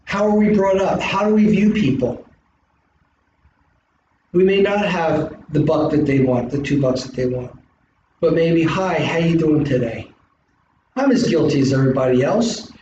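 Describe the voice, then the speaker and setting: A middle-aged man with a South Philly accent, an instructor giving an animated classroom lecture full of rhetorical questions. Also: fairly high pitch, normal speed. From South Philadelphia, US. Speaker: college instructor. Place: large classroom. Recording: distant echoey classroom recording, dull and hissy.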